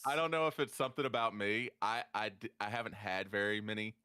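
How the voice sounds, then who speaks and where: A man's voice: on the low side, steady tone, quick pace, sharp tone, smooth, no room sound. A man chatting casually, joking around and swearing freely. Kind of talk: casual chat.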